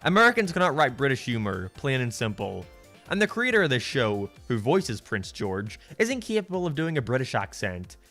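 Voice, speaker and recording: A man's voice: mid-range voice, big pitch swings, moderate pace, sharp tone, soft background music. A man delivering a sarcastic, profane rant as a cartoon reviewer. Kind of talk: ranting review commentary.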